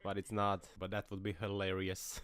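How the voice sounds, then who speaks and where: A man's voice: low-pitched, monotone, normal speed, background noise. A man commenting over dashcam clips with a joking, mocking tone, laughing often and putting on silly voices. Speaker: video commentator.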